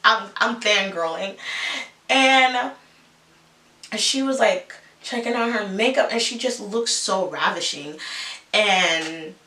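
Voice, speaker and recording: A woman's voice: mid-range voice, slow pace, pushed and bright. A woman vlogger chatting casually while getting ready, earnest and emphatic as she encourages her listeners. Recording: echoey room, mic at a distance, faint hiss.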